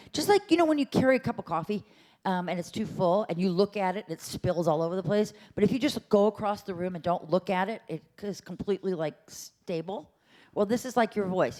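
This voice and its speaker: Woman, voice teacher, playful, chatty, wide lively pitch, demonstrates with hums. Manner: demonstrates sounds, meows and hums. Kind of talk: vocal workshop instruction. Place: lecture room at a symposium.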